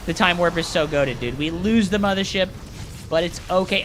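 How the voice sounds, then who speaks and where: A man streaming live, casting a strategy game and chatting with viewers in an excitable, jokey way. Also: high voice, moderate pace, slight background noise. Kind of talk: live game commentary and chat.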